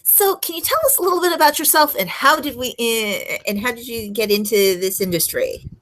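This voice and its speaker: A woman hosting an interview show, halting and filling pauses with uh. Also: on the high side, a bit bright, low-quality recording. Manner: halting, with many fillers. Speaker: show host.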